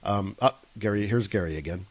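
A man's voice: on the low side, fairly quick, dry recording. A man hosting a casual call-in web show over Skype, flustered and apologetic, laughing often.

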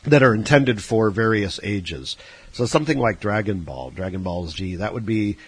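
Husky, low-voiced radio host, joking. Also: male voice, expressive, moderate pace, no echo. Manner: joking, mock Irish accent. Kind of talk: casual radio chat.

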